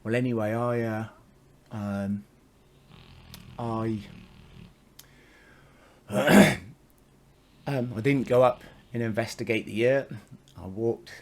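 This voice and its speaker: A man's voice: medium pitch, fairly even intonation, slow pace, pauses often. A man telling a spiritual story in a casual, meandering monologue, swearing freely and chuckling often.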